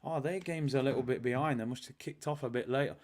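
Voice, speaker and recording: A man's voice: mid-range voice, fast talker. A man hosting a live football watch-along stream, chatting casually, reading viewer messages aloud and calling the match action. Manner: chatty, reads out viewer super chats, excited match calls.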